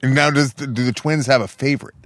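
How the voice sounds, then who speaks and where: A man in his thirties co-hosting a podcast in casual banter, an animated storyteller who jumps into high squeals for quoted voices. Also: fast talker, no echo. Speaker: podcast co-host.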